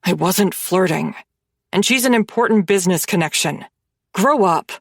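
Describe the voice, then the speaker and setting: Woman reading a smooth, stern mafia boss. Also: mid-range voice, animated, moderate pace, no room sound, studio quality. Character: cold, smooth young mafia boss man.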